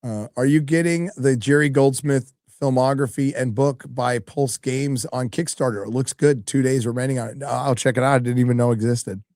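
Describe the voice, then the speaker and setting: A middle-aged man hosts a live stream in a loose, chatty way, cursing often as he reads out viewer messages. His voice sits at an ordinary pitch and is recorded dry and close to the mic. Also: fairly even intonation, normal speed, hardly any pauses, darkish tone, dry recording. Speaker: livestream host reading donations. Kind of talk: casual live-stream chat.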